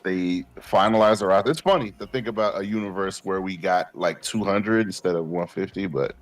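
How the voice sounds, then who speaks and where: A man, co-hosting a podcast and telling animated, profane stories, acting out his past self. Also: deep voice, fairly quick. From Queens, New York. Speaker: podcast co-host. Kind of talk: casual chat.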